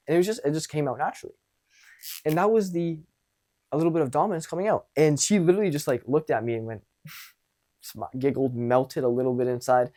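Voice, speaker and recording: A man's voice: a little high, brisk, darkish tone. A young man coaching on dating and social skills in a casual monologue, blunt and profane, acting out exchanges as he talks.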